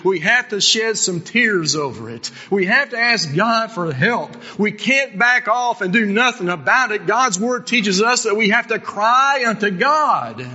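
A middle-aged pastor delivers a fervent sermon, his fairly high, bright voice rising to loud appeals and dropping to near-hushed asides. The sound is a bit dull and lingers in a reverberant church hall. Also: expressive, a little slow, few pauses. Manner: impassioned preaching, swinging from loud to hushed.

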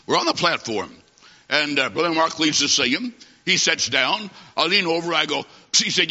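A man preaching a humorous sermon, telling a comic story and acting out the dialogue with lively timing. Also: a little high, moderate pace. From half Italian. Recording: dull recording in a long-echoing hall.

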